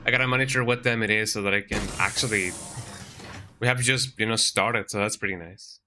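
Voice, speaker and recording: A man's voice: on the low side, steady tone, a little fast, bright, forceful tone, slight background noise. A young man streaming a video game, rambling casually and cooing baby talk at his cat between moves. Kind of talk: casual gameplay commentary. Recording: game music behind the voice.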